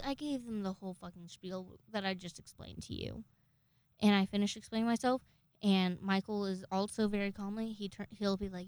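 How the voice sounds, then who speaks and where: Twenty-something woman ranting thru a storytime vlog, swears constantly, trips over her words, smooth clear voice, dead dry close mic. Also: mid-range voice, fairly even intonation, a little fast, darkish tone, no room sound. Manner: chatty, swears a lot, restarts often.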